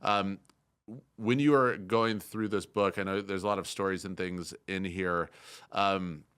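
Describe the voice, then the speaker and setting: A man's voice: low-pitched, fairly even intonation, a little slow, fairly bright tone, clean tone, no room sound. A man hosting a podcast interview, enthusiastic and agreeable, with many fillers. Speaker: podcast host. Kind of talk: conversational interview.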